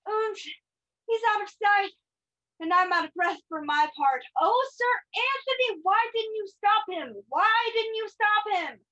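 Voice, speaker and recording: A woman acting an excitable, breathless young maidservant in a live online play. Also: unhurried, full character voice. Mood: frantic. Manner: breathless, excitable, shrill alarm. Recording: dull lo-fi video call audio.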